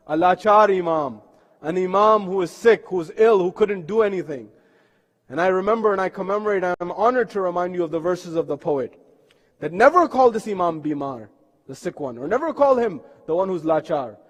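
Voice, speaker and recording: A man delivers an impassioned sermon in a mosque, his high-set voice carrying through a long, ringing hall reverb. He swells loud when he chants verses of poetry and sinks low and quiet through the laments. It sounds like a live stream from the prayer hall. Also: expressive, fairly quick. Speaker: preacher. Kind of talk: sermon with recited Urdu poetry.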